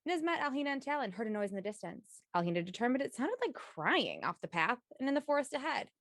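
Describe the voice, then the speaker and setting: A woman's voice: fairly high pitch, very animated, quick pace, a bit bright, dry recording, studio quality. Upbeat woman reading a game recap. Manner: upbeat, stumbles and corrects herself while reading. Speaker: player giving the session recap. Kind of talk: read-aloud recap of a tabletop game.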